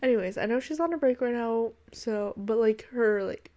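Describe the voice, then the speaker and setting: A woman's voice: a little high, normal speed, warm tone, muffled recording. A young woman hosting her own podcast, chatting in a rambling, gushing way full of "like", with a congested voice. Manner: rambling and gushing, heavy use of "like". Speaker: podcast host. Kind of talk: casual solo podcast chat.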